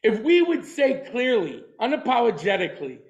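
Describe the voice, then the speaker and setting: High-voiced man giving an emphatic lecture. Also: wildly swooping pitch, normal speed, muffled recording. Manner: emphatic, repeats short punchy phrases. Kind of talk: lecture on a class.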